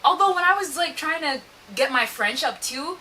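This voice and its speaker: A woman's voice: sits high, lively intonation, moderate pace, sharp tone. A young American woman co-hosting a podcast, telling stories in casual chat, laughing often and mimicking the voices of others. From United States. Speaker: podcast co-host. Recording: faint hiss.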